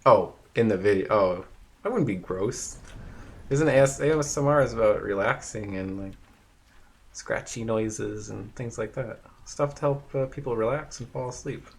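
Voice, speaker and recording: A man hosting a live painting stream, chatting casually and rambling with many fillers, in a fairly even tone. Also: lowish voice, moderate pace, gravelly. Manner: says his voice rarely goes up or down.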